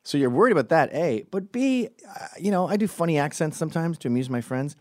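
A man hosting a comedic political monologue, sardonic and animated, slipping in and out of mocking impressions and swinging between loud and hushed delivery. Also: on the high side, fast talker, dry recording, studio quality.

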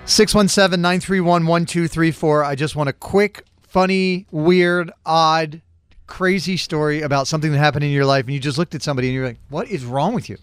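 A man hosting a morning radio call-in show, telling a story in an animated way. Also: fairly high pitch, a little fast, clear, resonant tone, no room sound, faint music behind.

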